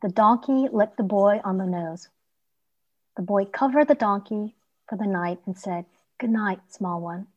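A woman reading a children's story aloud in a gentle, expressive way. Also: mid-range voice, unhurried, dull audio.

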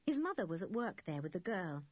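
A woman narrating a children's storybook in a gentle, measured way. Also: fairly low pitch, sing-song, husky, dry recording. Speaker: audiobook narrator. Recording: dull, lo-fi dry recording.

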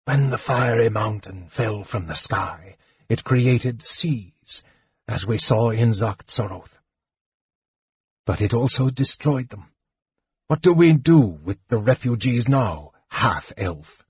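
A man voicing a frail, bitter young male mage who speaks in a soft, caustic whisper. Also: mid-range voice, expressive, takes it slowly, no room sound, full character voice. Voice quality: husky, breathy. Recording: dull dry recording.

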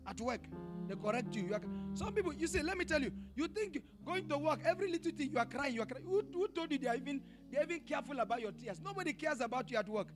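A man's voice: very high-pitched, expressive, fast talker, music in the background. A male pastor preaching a sermon in church, emphatic and repetitive, with rhetorical questions and bursts of tongues. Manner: preaching with rising shouted passages and speaking in tongues. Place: church in Pretoria.

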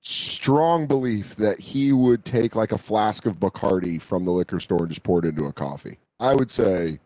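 A man's voice: on the low side, lively intonation, normal speed, mellow, no room sound, poor audio. A man hosting a podcast, telling crude comic stories in a loose, swearing, casual chat. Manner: loose, swearing, storytelling with silly voices. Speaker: podcast host.

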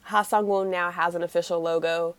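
A woman's voice: lowish voice, steady tone, brisk, smooth, dry recording. A young woman co-hosting a podcast, chatting casually and gushing as a fan, with lots of fillers. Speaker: podcast co-host. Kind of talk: casual chat.

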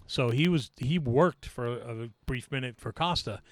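A man's voice: mid-range voice, a little slow. A man who is a guest on a podcast, telling stories in a blunt, profane, matter-of-fact way. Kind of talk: casual chat, storytelling.

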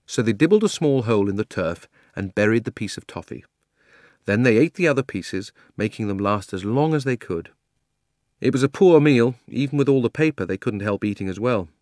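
A man narrating a children's audiobook with measured storytelling. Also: fairly low pitch, expressive, a little mellow, no echo, studio quality. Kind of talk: scripted narration.

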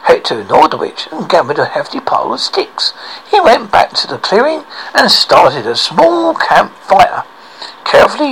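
Man, storybook reading aloud, very lively intonation, gravelly texture, small slips. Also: sits high, slight background noise, low-quality recording. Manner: expressive, with small slips and restarts. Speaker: narrator.

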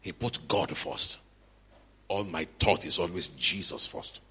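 A middle-aged man with a Nigerian accent preaching a lively sermon at a church conference, shouting at times and slipping into Yoruba asides. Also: deep voice, a little slow, slightly rough.

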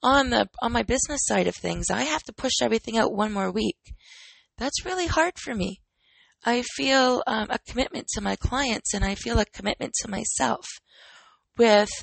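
Woman in her 30s, podcast host and trainer; candid chatty monologue with rhetorical questions, slightly husky. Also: mid-range voice, no room sound, rough recording. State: recovering from illness.

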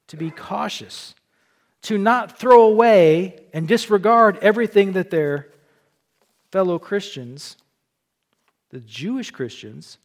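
A middle-aged man from Illinois preaching a sermon in a church, telling stories with jokes and frequent restarts. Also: high-pitched. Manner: folksy, joking, animated storytelling with repeated restarts. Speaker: pastor.

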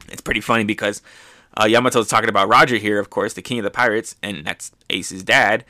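A man's voice: on the low side, quick pace, dry recording, studio quality. A man hosting a manga review show, recapping chapters in casual commentary and acting out the characters as he goes. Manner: excitedly retells scenes, often acting out characters.

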